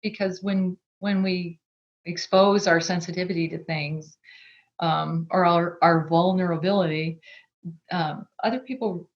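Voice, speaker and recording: A woman author speaks as an interview guest in a fairly low voice, earnest and reflective. She often circles back and restarts her thoughts. The recording is dull and lo-fi, like a remote hookup. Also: steady tone, a little slow. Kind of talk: podcast interview conversation.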